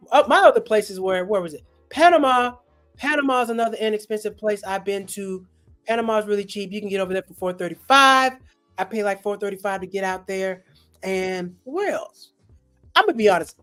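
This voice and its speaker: Casual podcast host, mid-pitched, rambling delivery, faint music underneath. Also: a bit bright. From Europe. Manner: rambling, loose, many fillers and self-corrections. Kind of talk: casual chat.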